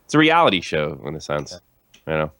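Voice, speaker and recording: A man hosting a casual group podcast, talking in halting bursts and repeating his words as he thinks aloud. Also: a bass voice, very animated, a bit bright, no echo. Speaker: podcast host.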